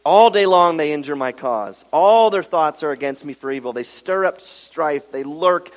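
A man preaching a sermon, telling a story with lively acted-out quotes and dropping to a hushed tone when reading scripture. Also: a little high, moderate pace. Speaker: pastor. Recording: dull sound with long reverb in a large room.

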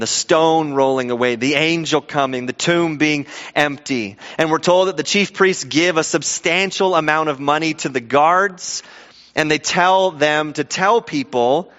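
A man preaching a sermon in a lively, conversational way, acting out the people in the story. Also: a little high. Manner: animated, conversational, acts out quoted voices. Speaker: pastor. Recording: dull sound with long hall reverb.

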